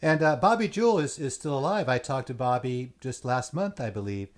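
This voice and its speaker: A man's voice: mid-range voice, lively intonation, a little fast. A man hosting a podcast, asking questions and chatting casually with his guest. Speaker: podcast host. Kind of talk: casual interview chat.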